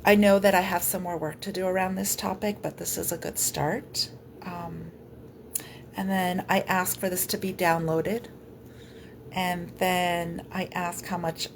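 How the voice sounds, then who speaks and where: A woman energy healer gently guiding viewers through a live-streamed clearing session, speaking softly with slow pauses. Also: lowish voice, fairly even intonation, background noise.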